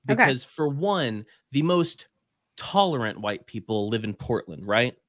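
A man's voice: medium pitch, very animated, a little slow, a bit bright, no room sound. Podcast guest, male, from Alabama; blunt, profane raconteur, dry studio sound. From Alabama, USA. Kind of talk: casual chat.

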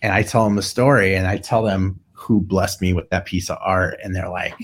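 Middle-aged male guest, low voice, animated storyteller who mimics others' lines. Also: normal speed. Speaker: guest, tattoo artist. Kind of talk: storytelling in casual conversation.

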